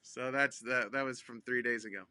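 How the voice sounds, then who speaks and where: A comedian, a man, telling a funny phone-call story in an animated way, with many ums and restarts, acting out both sides. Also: medium pitch, moderate pace, smooth, dry recording. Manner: acts out both sides of phone calls with big voice jumps. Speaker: comedian guest.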